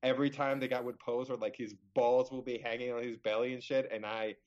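Young male podcast co-host, mid pitch, rambling and casual, slightly muffled lo-fi audio. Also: flat delivery, a little fast, darkish tone. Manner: rambling storyteller, many fillers and restarts. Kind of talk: casual chat. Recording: slightly dull lo-fi sound.

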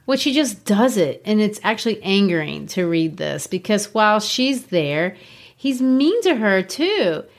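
A woman's voice: medium pitch, big pitch swings, unhurried. A woman co-hosting a podcast, chatting casually about a book and laughing often. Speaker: podcast co-host.

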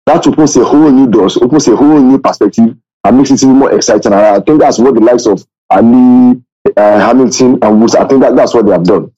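Male podcast co-host, dark mellow voice, dull lo-fi line, halting delivery. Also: mid-range voice, husky, soft background music. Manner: hesitant, many fillers and restarts. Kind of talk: casual sports podcast chat. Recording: dull lo-fi sound.

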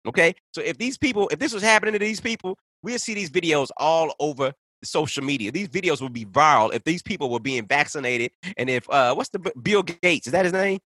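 A man's voice: on the high side, animated, brisk, few pauses, pushed and bright, no room sound. A man ranting in casual conversation, heated and profane, piling up point after point. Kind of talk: casual podcast rant.

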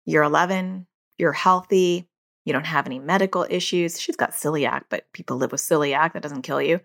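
A woman's voice: deep voice, normal speed, gravelly, a bit bright. A middle-aged woman hosting a solo parenting podcast, talking candidly and conversationally and laughing at herself now and then. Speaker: podcast host.

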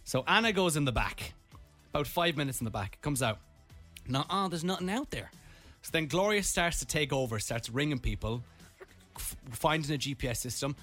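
Irish radio host, young man, lively storyteller, slightly high voice, with faint music behind him. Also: a little fast. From Ireland. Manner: animated, comic storytelling.

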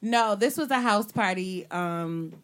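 A young woman telling a story in casual chat with friends, animated and laughing often. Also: medium pitch, takes it slowly.

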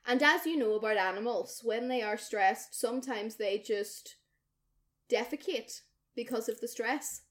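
Animated woman telling a story, slightly high voice. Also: unhurried. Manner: animated, swearing freely, acts out the people in her story. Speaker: podcast co-host. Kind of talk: casual storytelling chat.

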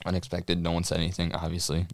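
A man's voice: low voice, completely flat delivery, fast, no echo, studio quality. A young man co-hosting a podcast, telling a history story casually, joking, swearing and laughing often. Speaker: podcast co-host.

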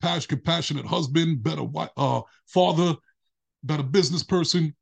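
A man, a podcast guest, telling a candid personal story in an animated way. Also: moderate pace, creaky, husky. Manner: animated, acts out quoted dialogue with big pitch jumps.

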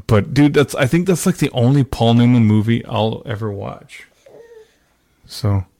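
A man's voice: medium pitch, measured pace, vocal fry, warm tone, dry recording. A man hosting a podcast, chatting loosely with many fillers and a ready laugh. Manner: easygoing, filler-heavy, laughs often. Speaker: podcast host. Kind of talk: casual chat.

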